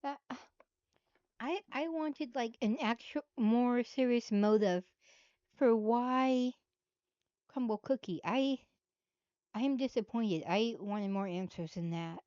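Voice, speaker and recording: A woman's voice: on the high side, takes it slowly, long pauses, dark tone, no echo. Blunt, sarcastic woman host. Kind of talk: casual live commentary. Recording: dull dry lo-fi.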